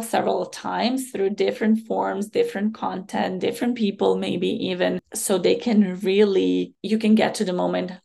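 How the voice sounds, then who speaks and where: A woman hosting a solo podcast, speaking in a hoarse voice with a slow, reflective, motivational manner. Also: medium pitch, darkish tone. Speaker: podcast host.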